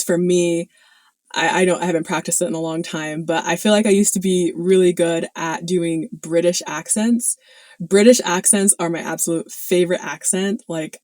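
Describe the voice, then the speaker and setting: A woman's voice: fairly low pitch, a little mellow, dry recording. A woman talking casually to her viewers in a chatty way, full of fillers and small laughs. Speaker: video host. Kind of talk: casual talk to camera.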